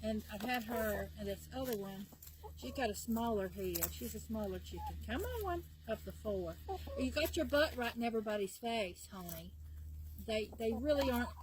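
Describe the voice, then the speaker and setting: Doting high-voiced woman outdoors. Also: animated, moderate pace, rough recording. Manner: doting, coaxing talk to her animals, chuckling often. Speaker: backyard chicken keeper filming her hens. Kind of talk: casual home video chat. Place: outdoors in a backyard chicken yard. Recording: outdoor recording with clear background noise.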